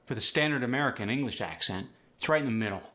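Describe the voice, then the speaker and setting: Male accent coach hosting a tutorial, bright and forceful tone, clear and explanatory delivery. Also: medium pitch, lively intonation, fast talker. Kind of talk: instructional tutorial.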